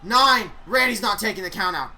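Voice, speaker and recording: A woman giving excitable play-by-play commentary on a wrestling video game she is playing. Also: medium pitch, moderate pace, rough recording. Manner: excitable, reacting aloud. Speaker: gaming YouTuber.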